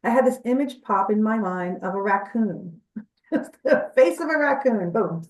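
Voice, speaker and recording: Heard from a distance in an echoey room, a female interview guest tells stories from her life and explains them earnestly and chattily. She speaks in a mid-range voice at normal speed, sounding animated, and is off-mic.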